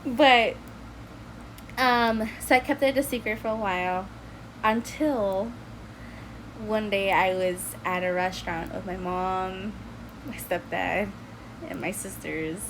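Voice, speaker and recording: A young woman from New City, New York City, tells a personal story in a casual chat from her bedroom, with background noise behind her. Her voice is mid-range and she speaks slowly with frequent pauses, animated and laughing often as she acts out quotes.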